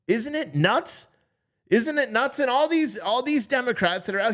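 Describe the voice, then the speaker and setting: A man's voice: high voice, normal speed. A man hosting a profane, sarcastic political commentary rant. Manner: animated, profane, sarcastic, mocking impressions.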